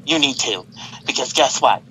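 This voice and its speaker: A betrayed cartoon lover hammers out accusations and threats, voiced by a man. His voice is bright and forceful at a middle pitch. There is a faint hiss in the background. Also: expressive, normal speed, low-quality recording. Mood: accusing. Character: betrayed, furious lover confronting a liar.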